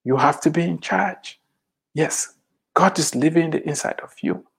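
Motivational speaker, emphatic, repeats phrases, rhetorical questions, swings loud and soft. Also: medium pitch, moderate pace, gravelly, slightly rough. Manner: emphatic, repeats lines for effect. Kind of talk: motivational address to immigrants.

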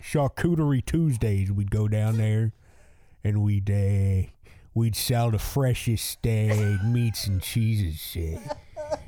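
Mellow, dry-sounding Philly man reminiscing. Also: lowish voice, very animated, no room sound. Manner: halting, filler-heavy storytelling. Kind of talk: casual reminiscing.

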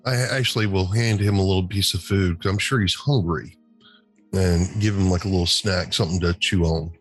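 Calm low-voiced man playing a tabletop game. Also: fairly quick, breathy edge, soft background music. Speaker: player.

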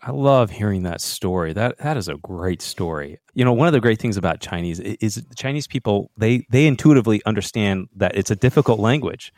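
A man's voice: lowish voice, animated, brisk, few pauses, darkish tone, no echo, studio quality. A man hosting a casual podcast interview, friendly and enthusiastic, laughing along. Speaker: podcast host.

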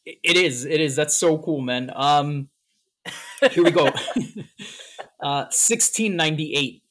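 A man's voice: on the high side, takes it slowly. A man co-hosting a casual podcast, retelling old pranks with easy laughs and the odd swear. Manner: laughing, relaxed storytelling with swearing. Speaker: podcast co-host. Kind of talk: casual chat.

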